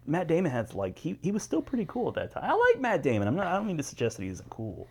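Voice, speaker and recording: A man's voice: a little high, huge pitch swings, fast talker, darkish tone, husky. A man co-hosting a podcast, chatting loosely, laughing often and trailing off mid-sentence. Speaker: podcast co-host. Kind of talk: casual banter.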